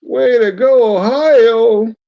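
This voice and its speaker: A man's voice: extremely high pitch, slow pace, gravelly, highs cut off. A man co-hosting a radio talk show, easygoing and joking in casual banter. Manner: easygoing, joking, cheering on listeners. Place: radio studio.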